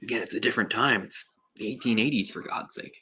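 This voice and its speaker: A man's voice: mid-range voice, fast talker, pushed and bright, husky. A young man giving casual, sarcastic live commentary on a film, exasperated and swearing at times. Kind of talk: solo live movie commentary.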